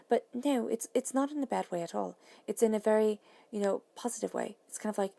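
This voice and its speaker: A woman giving a tarot reading, talking soothingly and dropping now and then to soft whispers. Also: medium pitch, quick pace, creaky, hardly any pauses. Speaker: tarot reader.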